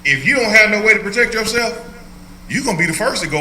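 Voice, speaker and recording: A man's voice: high voice, lively intonation, fast talker, pushed and bright, reverberant, a little hiss or hum, rough recording. An older man leading an informal Bible study as a pastor, joking and laughing often as he teaches. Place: church hall.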